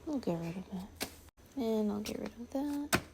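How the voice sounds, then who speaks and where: A woman chatting casually as she sorts through her things, musing and thinking aloud, sometimes dropping to a soft whisper. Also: mid-range voice, animated, normal speed, creaky, noisy background. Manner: drops to a soft whisper at times. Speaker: sewing vlogger. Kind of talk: casual narration while sorting.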